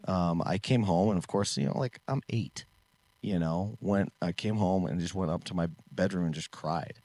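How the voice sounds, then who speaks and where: A man's voice: deep voice, normal speed, darkish tone, dry recording. A middle-aged man, a podcast co-host, telling a childhood story in casual chat and acting out the voices he quotes. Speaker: podcast co-host, martial arts instructor.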